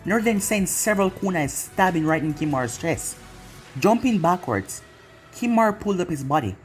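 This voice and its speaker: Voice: medium pitch, very animated, brisk, soft background music. A channel host reading a fan-made anime story aloud in long run-on sentences. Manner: run-on, loosely read narration.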